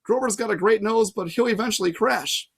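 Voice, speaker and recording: A sharp, know-it-all teenage girl, put on by a man reading a storybook. She talks briskly and insistently, a bit higher than his own voice. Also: vocal fry, slightly rough, heavily acted. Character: clever, bossy teenage girl.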